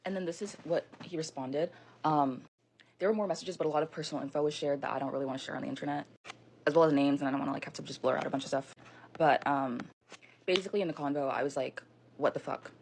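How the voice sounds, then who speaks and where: A young woman with a low voice tells a personal story at a fast clip. She rambles, leans on filler words and swears freely, in a casual storytime manner recorded on a phone. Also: fairly even intonation, vocal fry, a little mellow, a little hiss or hum.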